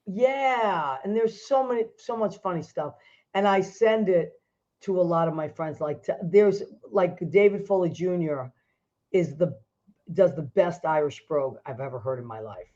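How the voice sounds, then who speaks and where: A middle-aged woman hosting a casual chat show, animated and quick to laugh. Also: on the low side, lo-fi sound. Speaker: host.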